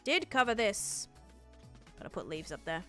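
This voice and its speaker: A woman's voice: mid-range voice, very animated, moderate pace, sharp tone, faint music behind. Chatty Australian woman streaming a game. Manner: chatty, thinking aloud while building and answering chat. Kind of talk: live gameplay stream chat.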